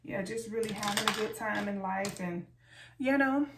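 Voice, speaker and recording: A woman's voice: mid-range voice, moderate pace. A woman vlogger chatting casually and playfully to her viewers while doing her makeup, calling them y'all, filmed by a camera set far back in a room at home. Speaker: beauty vlogger. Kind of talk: casual get-ready-with-me chat. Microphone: far camera mic. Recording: roomy, distant, faint background noise.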